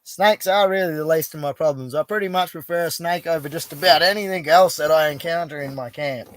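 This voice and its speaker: A man's voice: fairly high pitch, fairly quick, dry recording. Laid-back, swearing Australian bushman. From Western Australia. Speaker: livestream host. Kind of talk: casual live chat reading comments. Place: outback bush camp outdoors.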